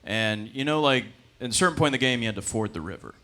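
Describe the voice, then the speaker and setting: A man in his twenties performing a stand-up comedy set, telling stories with deadpan asides and jumping into high-pitched voices for the characters he quotes. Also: quick pace. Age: 20s. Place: comedy club stage.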